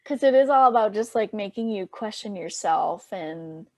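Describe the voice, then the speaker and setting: A young woman musician chatting in an interview, laughing often and acting out what people said in a higher voice. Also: lively intonation, moderate pace, darkish tone, no room sound. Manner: chatty, laughs often, acts out quotes in a high voice. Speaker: musician guest. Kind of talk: casual interview chat.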